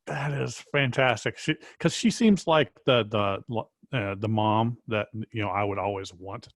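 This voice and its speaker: A man hosting a casual interview, asking questions in a halting way and repeating words as he thinks. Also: lowish voice, no echo, clean studio sound. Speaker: interviewer host.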